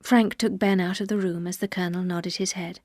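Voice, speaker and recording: Woman storyteller, clear careful reading, dry close mic. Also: lowish voice, steady tone, a little fast, darkish tone, no echo. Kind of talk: scripted story narration for learners.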